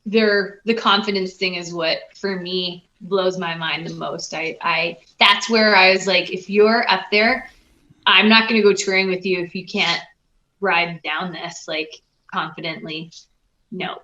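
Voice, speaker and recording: A woman coach, a podcast guest, telling stories in a lively way and acting out what she said. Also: lowish voice, measured pace, reverberant, dull audio. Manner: lively storyteller, acts out quotes. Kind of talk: casual conversation.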